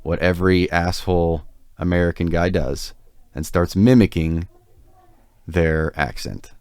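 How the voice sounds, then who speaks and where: Unhurried and smooth, this low, darkish male voice comes through a dry recording. He co-hosts a podcast and spins a lengthy, rambling story packed with filler words and self-deprecating humor.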